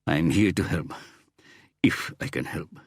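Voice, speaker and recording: A man's voice: measured pace, vocal fry, no echo, clean studio sound, heavily acted. A man voicing a weary, hungover detective who answers tersely. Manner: low, terse, mumbling.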